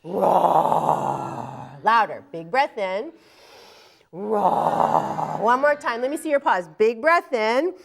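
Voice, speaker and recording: A woman's voice: fairly high pitch, lively intonation, moderate pace, hardly any pauses, a bit bright. A young woman leading a children's yoga class on a TV show, playful and encouraging, singing and counting along with the kids. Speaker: kids' yoga instructor.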